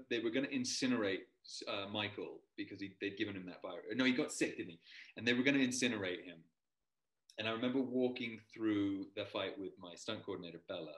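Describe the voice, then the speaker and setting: A man's voice: fairly low pitch, a bit bright, echoey room, low-quality recording. A middle-aged man, an actor guest, telling long rambling anecdotes in a casual interview. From Montana and London. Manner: rambling anecdotes, acts out quoted voices.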